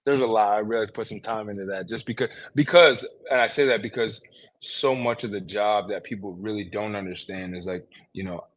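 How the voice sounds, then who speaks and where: A man with a fairly low voice tells his stories in a loose, conversational way as a podcast guest, leaning on "man" and "you know" between thoughts. The recording sounds dull and lo-fi. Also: fairly quick. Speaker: guest, former player working with team alumni.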